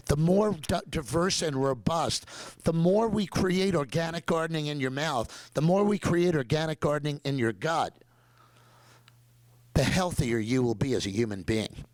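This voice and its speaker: Energetic older man telling stories. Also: a little high, no echo, poor audio. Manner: energetic, digressive, slips into mock accents for quotes. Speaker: dentist guest. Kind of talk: enthusiastic conversational storytelling.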